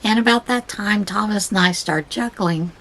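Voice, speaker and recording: Over a rough recording, a woman hosting a crafting podcast rambles through a filler-heavy story and reads a devotional aloud in casual, chatty fashion. Her voice is mid-range and a bit bright, at a moderate pace.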